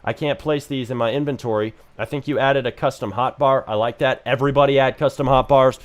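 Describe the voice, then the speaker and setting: While live-streaming game reviews, a man offers blunt, joking critique in casual commentary. His medium-pitched voice keeps a steady tone and runs a little fast.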